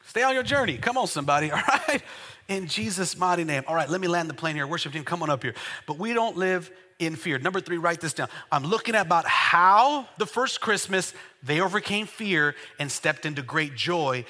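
Male pastor, high bright voice, lively sermon in a reverberant church hall. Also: moderate pace. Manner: call-and-response preaching, builds to loud exclamations. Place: church sanctuary.

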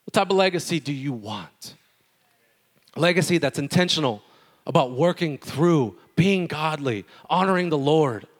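A man preaching a sermon as pastor, animated and conversational, with humorous storytelling. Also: on the high side, moderate pace.

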